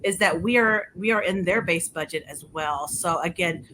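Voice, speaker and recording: A woman's voice: on the low side, normal speed, fairly bright tone, slight background noise, low-quality recording. A woman from rural Texas, giving a chatty policy update with apologetic asides. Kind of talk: casual online update talk.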